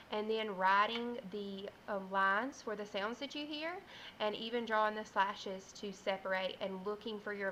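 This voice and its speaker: Bright-voiced teacher sounding out letters. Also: female voice, medium pitch, a little hiss or hum, poor audio. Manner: slow, clear, sounding out letters. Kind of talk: phonics lesson for young children.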